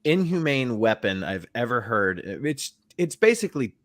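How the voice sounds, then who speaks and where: A man co-hosting a podcast, sharing opinions in an animated, casual way with easy laughs. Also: medium pitch, moderate pace, dry recording, studio quality. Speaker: podcast co-host.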